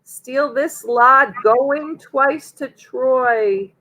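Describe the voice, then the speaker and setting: A woman with a Southern US accent co-hosting a live online auction, calling bids in an upbeat, drawn-out way. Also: high voice, sharp tone, poor audio. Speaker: auctioneer co-host.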